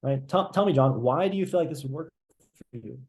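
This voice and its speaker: Energetic male sales trainer, keeps saying "right?". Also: mid-range voice, brisk. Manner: energetic, repeats "right?" often, role-plays sales calls. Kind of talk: live online sales training.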